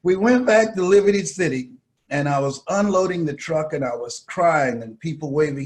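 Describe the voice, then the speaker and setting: A motivational speaker from Miami telling a family story dramatically, acting out the voices. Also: male voice, a little high, normal speed. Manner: animated, acts out voices.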